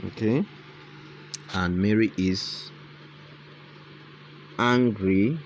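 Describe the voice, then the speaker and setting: A man talks through a tutorial in a deep voice. He speaks slowly, repeating phrases and calling out punctuation as he types. Faint background noise sits under his voice. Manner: thinks aloud, repeats phrases, dictates punctuation. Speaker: tutorial host. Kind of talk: casual screen-recorded tutorial.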